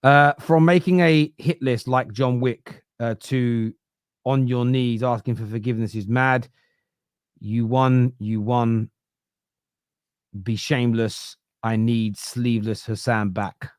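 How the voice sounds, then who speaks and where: A man's voice: mid-range voice, fairly even intonation, slow, clean tone, dry recording, studio quality. A man with a Southern English accent hosting a football podcast, thinking aloud with frequent restarts and making a case point by point. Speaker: podcast host. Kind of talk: casual chat.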